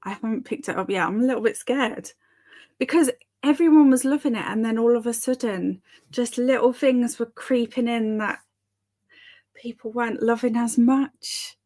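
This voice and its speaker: A woman's voice: fairly high pitch, normal speed, dark tone. Giggly streamer woman, thirties, easygoing live chat with viewers. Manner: giggly, chatty, reads chat aloud. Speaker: booktube streamer hosting reading sprints. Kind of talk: casual live-stream chat reading comments.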